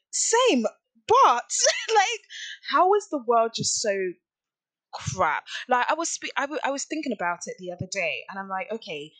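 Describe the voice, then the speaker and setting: A woman chatting casually as a podcast co-host, animated and quick to laugh. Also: mid-range voice, dry recording. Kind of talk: casual chat.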